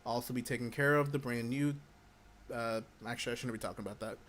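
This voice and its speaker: A man's voice: medium pitch, steady tone, quick pace, a bit bright, a little hiss or hum. A man hosting a casual livestream Q&A for a game community, chewing gum and feeling hyper, rambling and breaking off his own sentences as he answers viewer questions. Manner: chatty, rambling, self-interrupting.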